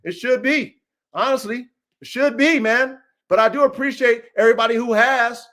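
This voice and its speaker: A man with a strikingly high voice for a man, hosting his own dog-training channel. He talks in a brash, taunting livestream rant, swearing freely and tacking "man" onto nearly every line. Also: normal speed, a bit bright. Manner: profane, taunting, repeats "man" constantly.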